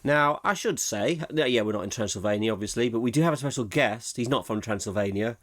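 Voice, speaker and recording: A man chatting alone at his desk for a podcast at a middling pitch. He wanders off topic, laughs at his own mistakes and keeps up a loose, self-mocking patter. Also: lively intonation, fast, few pauses, fairly bright tone. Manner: rambling and self-mocking, laughs often at himself. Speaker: podcast host. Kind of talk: casual solo podcast chat.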